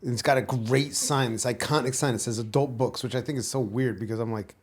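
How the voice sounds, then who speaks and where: A man's voice: medium pitch, steady tone, a little fast, breathy edge. A man co-hosting a podcast, tossing in playful jokes and asides in casual banter. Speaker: podcast co-host.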